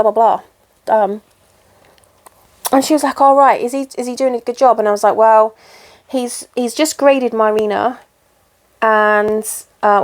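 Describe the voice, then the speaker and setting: Lady chatting away while she cross stitches, rambly, laughs at herself, middle pitch. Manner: rambling, chatty and self-deprecating. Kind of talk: casual chat while stitching.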